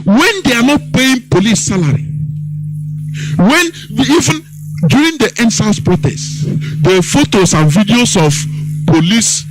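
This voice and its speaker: A man's voice: high voice, big pitch swings, measured pace, music in the background, poor audio. A Nigerian man hosting a political radio commentary, speaking with mocking scorn and mimicking others. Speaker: host.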